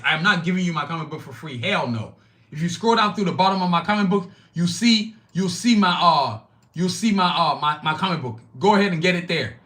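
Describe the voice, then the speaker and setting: Hosting his own podcast on a live stream, a man from Nigeria talks straight to his chat with blunt emphasis and plenty of cursing. His voice is high-pitched, bright, and forceful.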